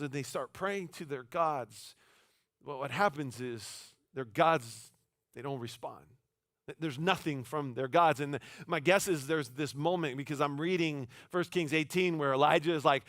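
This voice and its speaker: Animated, casual man preaching a sermon. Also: on the high side, moderate pace, dry recording, studio quality. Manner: animated storytelling with playful voiced asides; casual, conversational phrasing with many restarts. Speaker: pastor. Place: church.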